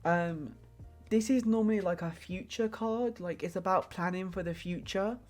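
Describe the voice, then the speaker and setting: A woman's voice: on the low side, normal speed, a little mellow, soft background music. A young woman live-streaming a tarot reading in casual chat, rambling and hesitant with many filler words.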